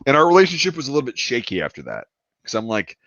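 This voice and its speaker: A man's voice: medium pitch, huge pitch swings, rapid-fire, a bit bright, a little hiss or hum. A man casually telling a long, profane anecdote on a podcast. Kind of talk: casual storytelling. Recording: dull, dry lo-fi sound.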